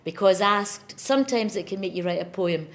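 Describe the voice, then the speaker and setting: A woman with a Scottish accent speaking as a poet in an on-stage interview. She talks in a chatty, animated way and reads verse with strong emphasis. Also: mid-range voice, normal speed. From Scotland. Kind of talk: conversational chat and poetry reading.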